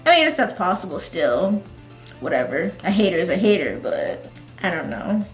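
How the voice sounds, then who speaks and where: A woman vlogger telling stories in a casual chat, animated and laughing often as she goes. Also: lowish voice, normal speed, reverberant, soft background music. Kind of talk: casual storytelling vlog.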